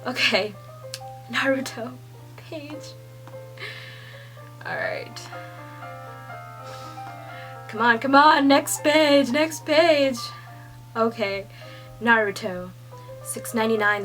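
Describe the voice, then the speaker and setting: A young woman reading a manga chapter aloud and reacting with gushing excitement, swearing and laughing often. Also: medium pitch. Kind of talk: excited read-along reaction.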